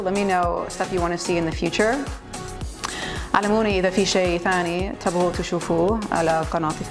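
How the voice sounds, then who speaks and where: A young woman hosting a reaction video, explaining words in a chatty way with quick asides. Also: lowish voice. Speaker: host, Arabic linguist. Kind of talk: reaction commentary.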